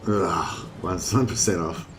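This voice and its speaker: Low-voiced man streaming a game. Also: fairly even intonation, takes it slowly, fairly bright tone, slight background noise. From Australia. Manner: chatty, thinking aloud with many ums. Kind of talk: casual co-op gameplay commentary. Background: game music.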